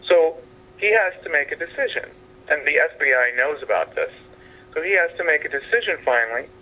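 A man who is a playwright and actor, speaking as a guest in a phoned-in interview from a house, halting and meandering, with restarts. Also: fairly high pitch, animated. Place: at his father's house. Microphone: telephone. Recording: tinny phone line.

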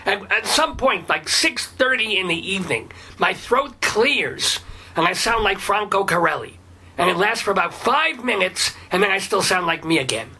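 A man's voice: sits high, big pitch swings, moderate pace, pushed and bright, husky, full character voice. A man voicing a cranky, foul-mouthed older rabbi with a phlegmy, throaty voice, rambling and swearing in a comedic radio bit. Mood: blustery. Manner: rambling, blustery, swears casually.

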